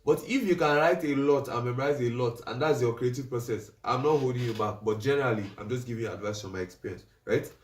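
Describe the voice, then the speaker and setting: A man's voice: medium pitch, fast talker, few pauses, far from the mic. Man, instructor, coaching tone, asks "right?", a bit off-mic, echoey room. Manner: instructive, checks in with "right?" and "do you understand?". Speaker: livestream creative coach. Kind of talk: teaching livestream class. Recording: roomy echo, voice off-mic.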